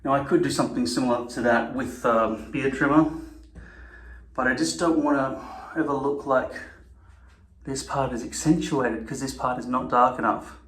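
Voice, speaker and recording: A man's voice: medium pitch, fairly even intonation, normal speed, a bit bright. A man talking casually to camera, rambling, swearing and correcting himself mid-sentence. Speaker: vlogger. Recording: echoey room.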